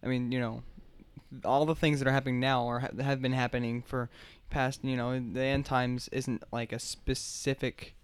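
Brief: young male co-host, mid-pitched, halting and casual. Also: level tone, clean tone. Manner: hesitant, searching for words. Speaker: podcast co-host. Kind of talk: casual podcast chat.

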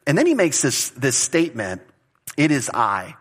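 A man's voice: mid-range voice, huge pitch swings, moderate pace, breathy edge. A man teaching a Bible study in an informal, conversational way, with asides and restarts.

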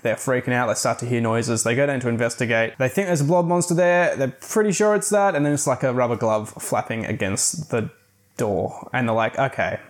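A man's voice: medium pitch, fairly quick. A man giving a casual, rambling book review, recapping the plot with fillers and the odd swear. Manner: chatty, rambling, swears now and then.

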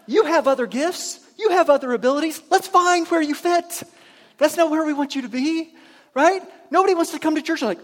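A man with a very high, fairly bright voice gives a conversational sermon as a pastor, his words echoing as in a large hall of a church sanctuary. He occasionally slips into quick asides playing imagined members of the congregation.

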